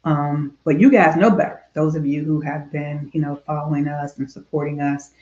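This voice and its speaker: A woman minister giving a gentle devotional talk on grief straight to camera, soft and repetitive, with many fillers and prayerful pauses. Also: sits low, steady tone, echoey room, highs cut off.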